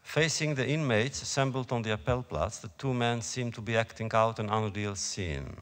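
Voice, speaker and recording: A man reads his own stories to a live audience, slow, solemn and measured. His mid-range voice carries a long reverb from a large lecture hall. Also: mid-range voice. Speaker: author reading his own work. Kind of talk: reading prose to a live audience.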